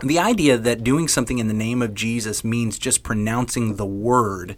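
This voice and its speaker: A man's voice: medium pitch, normal speed. A man co-hosting a Bible podcast, reading scripture expressively like a story for kids and chatting casually. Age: adult parent. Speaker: podcast co-host.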